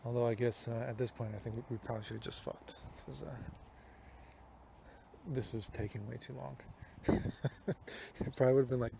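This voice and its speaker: His medium-pitched voice stays steady at a normal speed, with vocal fry, long pauses, and a slightly mellow quality; there's a little hiss or hum. He's a young man vlogging into his phone while walking city streets at night, rambling, cursing, and saying "dude" constantly.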